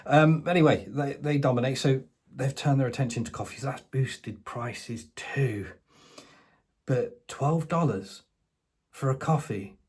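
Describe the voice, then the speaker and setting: A middle-aged British political commentator delivers a sarcastic, casual monologue in British English. His mid-range voice is unhurried, darkish, and slightly rough, and he sounds mocking and incredulous, dropping in colloquial asides.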